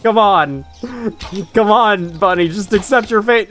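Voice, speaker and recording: Lively young man streaming a game. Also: sits high, a little slow. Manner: chatty, laughs often, talks to game creatures. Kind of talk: live gameplay commentary. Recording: faint music in background.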